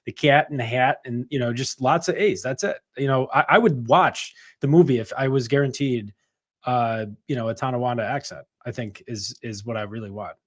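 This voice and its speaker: A man's voice: medium pitch, fairly quick. A man co-hosting a podcast, dry and matter-of-fact. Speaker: podcast co-host. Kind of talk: casual chat.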